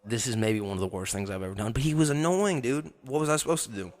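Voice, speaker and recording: With a medium-pitched voice and a quick pace, a young podcast co-host spins crude, profane, casual stories, laughing frequently throughout.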